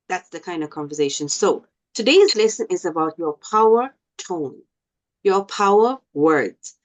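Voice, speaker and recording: A woman teaching an online class, speaking slowly and deliberately and often checking whether her students understand. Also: mid-range voice, animated. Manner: slow, deliberate, asks the class questions. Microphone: video call. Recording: dull lo-fi video call audio.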